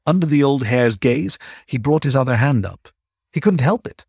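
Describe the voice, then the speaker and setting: A man narrating a story in a measured, unhurried way. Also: mid-range voice, animated, creaky, a little mellow, husky, no echo, clean studio sound. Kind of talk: audiobook-style story narration.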